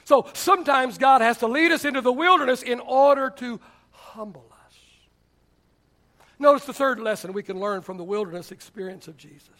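A man with a very high-pitched voice preaches at normal speed. As pastor, he fills the sermon with stories and plays out the people he quotes, animated all the way.

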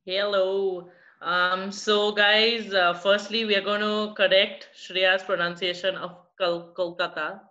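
A woman's voice: medium pitch, level tone, slow, bright, forceful tone. A woman from West Bengal, co-hosting a podcast in rambling casual chat, full of fillers and bits of Hindi. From West Bengal, India. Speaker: podcast co-host. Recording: muffled lo-fi recording.

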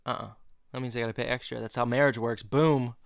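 Joking man podcast co-host, clear voice. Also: mid-range voice, flat delivery, fast talker, a bit bright, no echo, studio quality. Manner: joking, playful banter. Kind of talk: casual chat recapping a sitcom.

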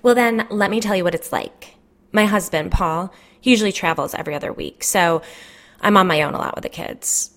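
A woman's voice: on the low side, fairly quick, a bit bright. A woman voicing a stressed, gossipy suburban mother who swears and complains in an agitated way, peppering her speech with "like.".

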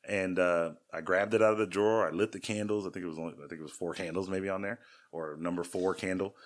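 A podcast co-host in his thirties tells self-deprecating stories in a rambling, casual chat, restarting often. He talks fast in a deep voice with fairly even intonation.

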